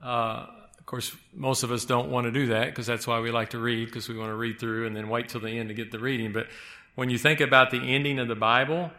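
A man preaching a sermon, speaking haltingly with frequent restarts and slowing down to stress key words. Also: medium pitch, level tone, pushed and bright.

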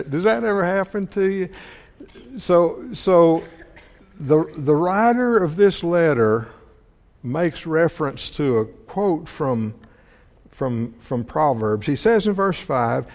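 A man preaching a sermon, halting and repeating words often, asking his listeners questions. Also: a little high, animated. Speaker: preacher or Bible teacher. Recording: long hall reverb.

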